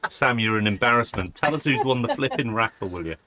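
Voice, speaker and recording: A man hosting a live online show, chatty and teasing, with quick jokes at his guests. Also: medium pitch, animated, a crowd in the background. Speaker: host.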